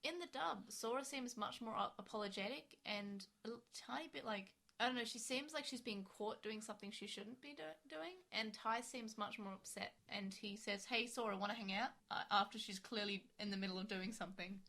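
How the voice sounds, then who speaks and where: A woman co-hosting a podcast in easy, casual chat. Her voice is bright and clear, and she gushes with enthusiasm as she recaps. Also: medium pitch, fairly quick, few pauses. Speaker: podcast co-host.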